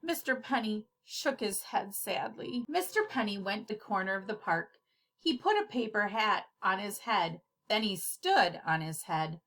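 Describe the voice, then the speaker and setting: A woman reading a children's storybook aloud in an expressive, animated way. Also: mid-range voice, unhurried. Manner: expressive, giggly when slipping up. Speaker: storybook reader.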